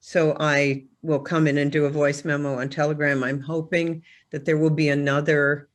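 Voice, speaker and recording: A woman physician and author being interviewed, talking in a measured, affirming, unhurried way. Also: low voice, level tone. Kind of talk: conversational interview.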